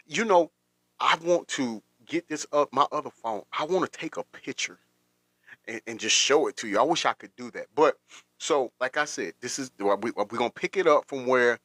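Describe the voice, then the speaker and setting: A man's voice: medium pitch, fairly bright tone, no echo, studio quality. A man hosting a casual livestream, rambling through commentary with repeated words and frequent laughter. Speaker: livestream host.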